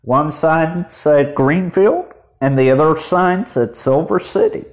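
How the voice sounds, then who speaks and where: A man reading a children's storybook aloud as narrator, in a measured way. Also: fairly high pitch. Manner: measured, deliberate.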